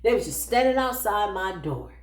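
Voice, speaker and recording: A woman spiritual practitioner telling stories in a casual, sassy, animated way, laughing often and acting out what people said. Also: mid-range voice, normal speed. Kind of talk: casual storytelling monologue. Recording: roomy echo.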